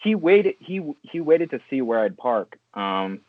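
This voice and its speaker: A man's voice: medium pitch, big pitch swings, a little slow, no room sound. A man calling in as a podcast guest, telling a story in a laid-back way with some laughs. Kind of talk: casual chat. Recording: tinny phone-like remote line.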